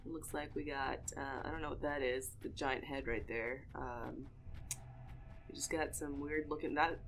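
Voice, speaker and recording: A woman giving casual, excitable let's-play commentary as she plays, cooing over cute animals. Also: low-pitched. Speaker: gaming video creator. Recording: game music playing behind.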